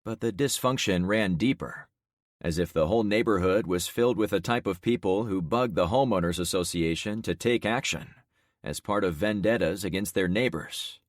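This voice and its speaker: A man narrating a first-person audiobook with lively, dramatic storytelling. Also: sits low, normal speed, dry recording, studio quality.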